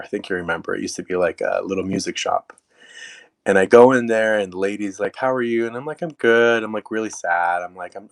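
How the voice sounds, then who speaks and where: Young guy with a deep low voice, chatty storytelling, acts out what people said. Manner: casual, animated retelling with quoted asides and fillers. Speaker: storyteller guest. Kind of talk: personal storytelling.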